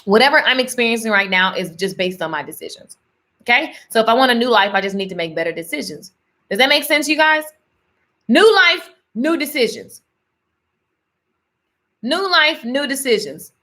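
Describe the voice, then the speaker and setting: A woman's voice: fairly high pitch, quick pace. A young woman hosting a casual live stream, speaking straight to her viewers with lots of laughs and folksy phrasing. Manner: lively, talks straight to viewers, laughs often; folksy Southern-style phrasing, y'all and honey. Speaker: host of a live faith and business talk.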